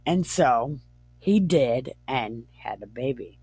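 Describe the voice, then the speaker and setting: A woman retells old scripture with slang, swearing and frequent laughter, taking her time over each line. Her voice sits at a middle pitch and is recorded dry and close. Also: lively intonation, takes it slowly, warm tone, slightly rough, dry recording. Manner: profane, slangy, laughs often. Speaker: comedic scripture reader. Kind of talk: irreverent casual retelling.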